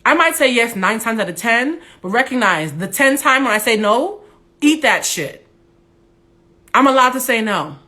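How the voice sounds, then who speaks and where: A young adult woman goes live on Instagram from her phone, delivering a candid, blunt monologue in a big, loud voice that's a little high. She's animated, talks at a normal speed, and swears now and then.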